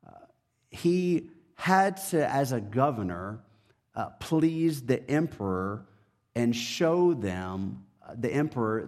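Man, pastor, sermon, scripture reading, slow-paced, halting with fillers, mid-pitched voice. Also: darkish tone. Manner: measured, halting delivery with frequent fillers.

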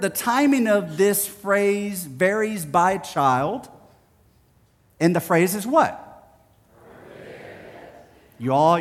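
A man from Texas preaching a sermon, telling stories in a playful, animated way. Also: high voice, long reverb tail. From Houston, Texas. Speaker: pastor.

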